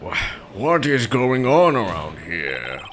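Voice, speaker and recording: A man's voice: fairly low pitch, huge pitch swings, slow pace, a bit bright, slight background noise, pitched below the performer's own voice, full character voice. A man voicing a flustered elderly male judge who stammers in exasperation, in a fan dub of a game. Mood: bewildered.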